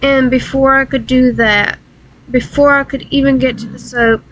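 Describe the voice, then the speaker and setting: A woman's voice: high voice, fairly even intonation, a bit bright, low-quality recording. Tearful young-sounding woman telling a sad story. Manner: halting, pausing, tearful. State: crying. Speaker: vlogger. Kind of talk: emotional personal story.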